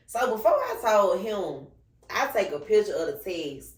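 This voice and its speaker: A woman hosting a podcast, chatting casually and telling a personal story in an animated way, acting out the voices of the people she quotes. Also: mid-range voice, moderate pace. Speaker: podcast host. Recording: roomy echo, mic at a distance.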